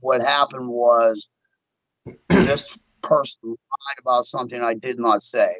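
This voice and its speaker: A man's voice: mid-range voice, fairly even intonation, slow pace, fairly bright tone, dry recording, muffled recording. A man, a guest on a podcast, chatting casually and animatedly acting out his own story. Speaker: guest, window tint shop owner.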